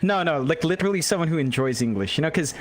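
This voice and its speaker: A man's voice: a little high, lively intonation, quick pace, a little hiss or hum. A man in his twenties from the Philippines, an esports caster chatting casually on a live stream and laughing at himself often.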